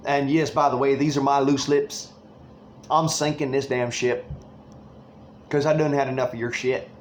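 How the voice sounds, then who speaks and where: A man's voice: mid-range voice, level tone, moderate pace, a little hiss or hum. A man delivering an angry, rambling political rant full of swearing.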